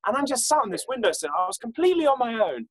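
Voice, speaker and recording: A man's voice: extremely high pitch, racing, no echo, poor audio. A young man, an actor, chatting as an interview guest and telling funny stories with frequent laughter. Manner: animated storyteller, laughs often. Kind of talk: casual interview chat.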